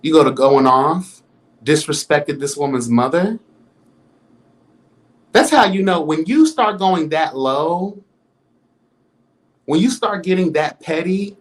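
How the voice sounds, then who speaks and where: A man giving celebrity gossip commentary in a vlog. He talks in a sassy, campy, dramatic way and keeps throwing in exclamations. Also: on the high side. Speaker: commentary vlogger.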